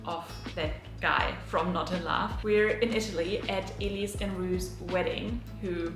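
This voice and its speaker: A woman's voice: on the low side, fairly even intonation, a little slow, echoey room, music in the background. A young woman vlogging casually about books she read, gushing and chatty with lots of fillers. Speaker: book vlogger. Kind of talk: casual reading vlog chat.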